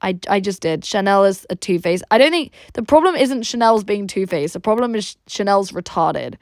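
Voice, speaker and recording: A woman's voice: mid-range voice, animated, normal speed, dry recording. Blunt English-accented woman, very dry sound. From Russia. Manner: blunt, crude and rambling, with many "like" fillers. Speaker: livestreamer. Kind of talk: casual livestream chat, reacting to viewer messages.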